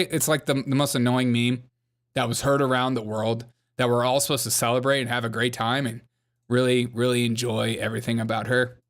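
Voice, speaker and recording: A man's voice: medium pitch, steady tone, a little fast, a bit bright. A man hosting a comedic commentary livestream, joking, laughing often and reading out the chat. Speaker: livestream host.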